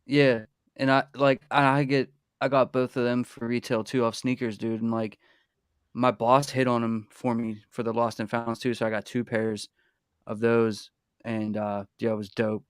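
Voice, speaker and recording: A man hosting a livestream in casual chat, animated and repeating himself when excited. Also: medium pitch, moderate pace, clear, resonant tone, dry recording, clean studio sound. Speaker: livestream host.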